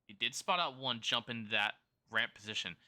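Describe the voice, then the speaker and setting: A man's voice: medium pitch, sharp tone. A man casting a competitive shooter match alone as play-by-play commentator, his throat sore, correcting himself as he goes and chatting with viewers between rounds. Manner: rapid play-by-play with self-corrections and chat banter. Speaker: esports caster. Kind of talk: solo play-by-play commentary, chatting with live chat.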